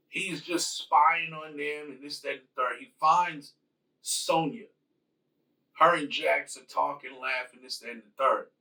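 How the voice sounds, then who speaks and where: A man's voice: a little high, pushed and bright, recorded from a distance, poor audio. A man casually retelling his own rewrite of a movie in a rambling, slangy way with lots of fillers. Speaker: channel host.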